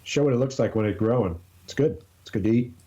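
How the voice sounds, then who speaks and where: A man's voice: medium pitch, fast talker, warm tone, highs cut off. A man co-hosting a podcast in casual chat, tossing in playful, jokey interjections. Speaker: podcast co-host.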